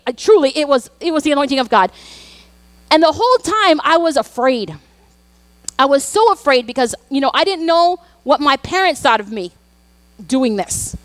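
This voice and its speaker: A woman pastor delivers a sermon in a high, bright register. She tells personal stories earnestly and leans hard on emphatic asides. The sound is dry and close. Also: no room sound. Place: church.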